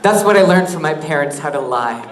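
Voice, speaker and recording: A man answering audience questions on a convention panel, joking and teasing himself in a quick, easygoing way. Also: fairly high pitch, expressive. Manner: joking, self-mocking, quick. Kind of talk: casual Q&A on stage. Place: convention hall stage. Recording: echoey hall with crowd.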